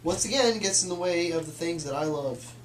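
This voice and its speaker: A man's voice: on the high side, lively intonation, fairly quick, slight background noise. A young man co-hosting a casual chat, joking and teasing. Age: young adult. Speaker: co-host. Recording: echoey room.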